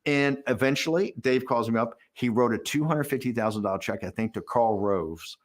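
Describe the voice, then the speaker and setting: A man's voice: mid-range voice, normal speed. A man being interviewed, telling candid stories in a rambling way, often restarting sentences and repeating words. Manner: acts out dialogue while retelling events.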